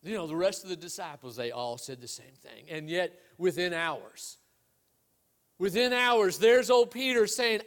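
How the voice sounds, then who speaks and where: A man preaching a sermon, telling stories and asking rhetorical questions, swinging between loud emphasis and hushed low lines. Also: lively intonation, unhurried. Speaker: pastor.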